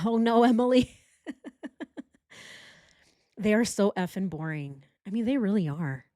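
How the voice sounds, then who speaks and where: A woman's voice: mid-range voice, expressive, unhurried, long pauses, warm tone, no echo, clean studio sound. A woman hosting a true crime commentary, sarcastic and exasperated as she goes through evidence. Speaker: true crime channel host.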